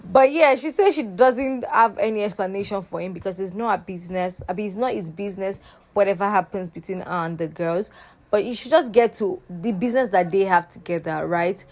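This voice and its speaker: A woman's voice: mid-range voice, fairly quick, a little mellow. A young woman with a sassy, chatty manner, recapping a reality show for her viewers. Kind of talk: casual recap commentary.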